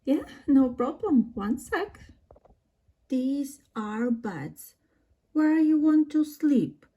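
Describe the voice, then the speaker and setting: Lady doing a kind hostess doll, slow and soft, breathy mellow voice. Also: high voice, big pitch swings, full character voice. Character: kind girl doll hosting a guest in her camper.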